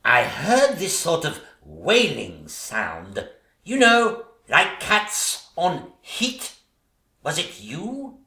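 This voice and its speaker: A man's voice: on the high side, huge pitch swings, very slow, creaky, pushed and bright, heavily acted. A man playing a catty, vain ugly stepsister in a pantomime stage comedy, with a camp, teasing sing-song delivery. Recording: echoey stage recording.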